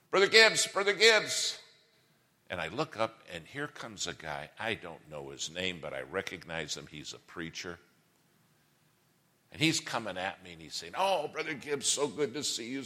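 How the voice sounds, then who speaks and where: A man's voice: deep voice, bright, forceful tone, long reverb tail. A middle-aged man preaching a sermon in an auditorium, telling a folksy, humorous story and asking the audience questions.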